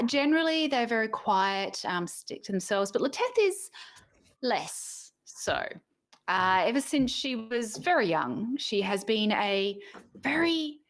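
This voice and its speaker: Bubbly, lively woman introducing her character. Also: a little high. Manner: bubbly, animated storytelling. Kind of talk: casual livestream chat.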